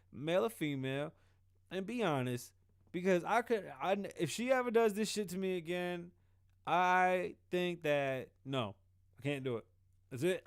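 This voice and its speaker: A man hosting his own show alone, talking casually into a close mic in a profane, animated way and laughing often. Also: on the high side, smooth, no room sound. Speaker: podcast host. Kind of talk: solo casual monologue.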